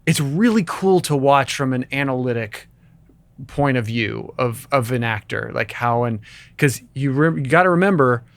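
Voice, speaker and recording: A man talks with eager enthusiasm on a podcast, circling back and restarting his sentences as he goes. His voice sits mid-pitch and the recording is dry and close, with no room sound. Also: lively intonation, normal speed, no echo. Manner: enthusiastic, rambling, many restarts. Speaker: podcast co-host. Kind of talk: casual chat.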